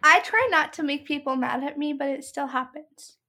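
A woman's voice: sits high, fairly even intonation, moderate pace, pushed and bright. A woman guesting on a podcast, cheeky and playfully defensive in banter. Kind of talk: casual joking chat.

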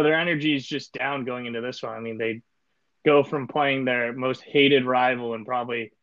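A man's voice: mid-range voice, creaky, no room sound, highs cut off. Laid-back man rambling about sports picks. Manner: laid-back, rambling with many fillers, deadpan joking. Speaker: podcast co-host. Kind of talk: casual sports podcast chat.

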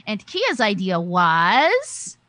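Woman player, chatty recap voice, bright and a bit high, dry close mic. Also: wildly swooping pitch, extremely slow, dry recording, low-quality recording. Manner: chatty, laughing, with many fillers and restarts. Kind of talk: casual recap of a tabletop game.

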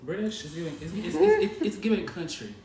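A man co-hosting a casual podcast chat, playful and teasing, animated, often repeating words. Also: high voice, a little fast. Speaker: co-host. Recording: echoey room with noise.

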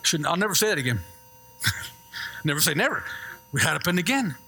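A middle-aged man preaching a sermon as a pastor, telling stories with lively asides and checking in with the congregation. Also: on the high side, fairly quick, a little hiss or hum. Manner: animated storytelling with call-and-response asides.

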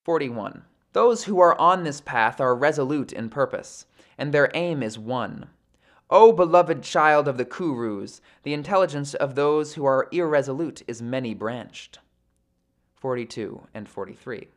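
A man with a mid-range voice reads scripture in a measured, deliberate way. Between passages he reflects aloud, a little hesitant, with the odd filler as he thinks things through. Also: medium pitch, expressive, fairly bright tone. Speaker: podcast host reading scripture. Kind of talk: scripture reading with commentary.

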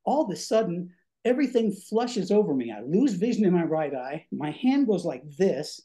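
As a guest in a podcast interview, an older man with a high voice tells stories at a moderate pace. Drawing on his radio DJ past, he animatedly acts out voices while sounding a little out of breath.

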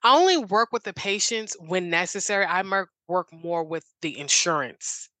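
A woman's voice: lowish voice, animated, moderate pace, sharp tone, no room sound. A woman guest on a talk show, telling her story in an eager, rambling way full of "like"s and restarts. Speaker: interview guest. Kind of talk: casual interview chat.

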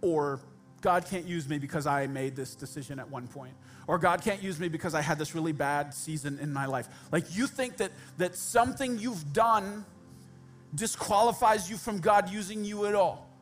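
Brief: male pastor, higher-pitched voice, casual direct sermon delivery with jokes, soft music underneath. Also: moderate pace. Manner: conversational, direct, humorous asides to the congregation.

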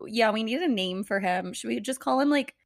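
A young woman co-hosting a podcast in casual chat, reacting to her friend's story, swearing freely and laughing loudly. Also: fairly high pitch, brisk, gravelly. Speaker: podcast co-host.

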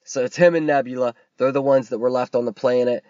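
A man's voice: mid-range voice, steady tone, fast talker, a little mellow, no echo. Rambling, profane man, dull podcast sound. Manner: rambling, profane, lots of fillers. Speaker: podcast co-host. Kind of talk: casual chat, movie recap.

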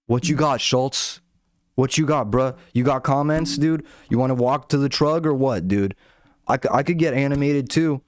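A man's voice: medium pitch, normal speed, dry recording, studio quality, pitched above the performer's own voice, natural voice. A man doing a mocking impression of a macho male comedian who keeps daring someone and leans heavily on "dude.". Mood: challenging. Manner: taunting, challenging, heavy "dude" filler.

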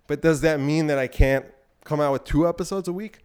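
Male podcast host, smooth resonant voice, slightly out of breath, rambling provocative monologue. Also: a little high, a little fast, a little mellow. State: out of breath while exercising.

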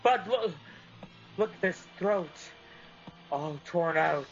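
An actor playing an excitable, stammering man in an old-time radio drama. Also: high-pitched, takes it slowly, highs cut off, faint music behind, heavily acted. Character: curious man who finds a finished story.

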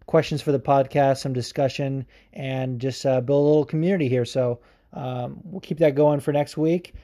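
A man's voice: medium pitch, steady tone, normal speed, warm tone. A man hosting a podcast, chatting casually in a rambling, profane way with lots of filler words. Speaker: podcast host. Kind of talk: casual chat.

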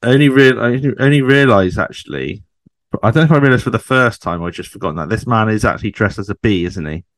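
A low-pitched man talks through a sitcom episode in a relaxed, chatty way. He often stops to ask his co-host questions. The sound is dry and close. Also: fast, dry recording. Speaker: podcast co-host. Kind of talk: casual chat recapping a sitcom episode.

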